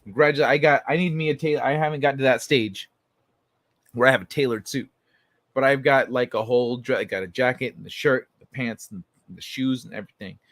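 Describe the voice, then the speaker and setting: A man hosting a casual late-night stream, reading chat messages aloud in a loose, profane way. His voice sits at an ordinary pitch, and the recording is dry and close with no room sound. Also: fairly quick, fairly bright tone, no room sound. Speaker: livestream host.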